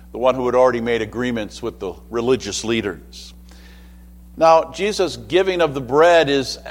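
Guy preaching in a big echoey hall, chatty, mid pitch. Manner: conversational, with asides and acted quotes. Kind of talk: sermon.

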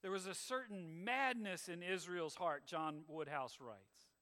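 A man preaching a sermon, his voice high and bright. He delivers it with emphatic swells and sudden drops. The sound carries a long reverb, as if from a large hall. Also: a little slow. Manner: emphatic, rising and falling preaching cadence. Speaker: pastor.

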